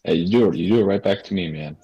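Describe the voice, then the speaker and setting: Deep husky-voiced man joking along. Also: racing, no echo, muffled recording. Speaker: friend on call. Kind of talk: casual chat.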